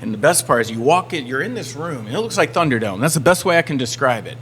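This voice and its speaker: A man's voice: medium pitch, quick pace, slight background noise. A man from the Southern United States, a band member telling a story on a podcast and acting out everyone's lines. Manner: animated storyteller acting out quotes.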